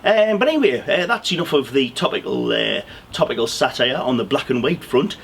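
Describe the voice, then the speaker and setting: A man's voice: mid-range voice, big pitch swings, fairly quick, creaky, a bit bright, a little hiss or hum. A man presenting topical football satire on a comedy show, rambling and dry, with lots of hesitant fillers.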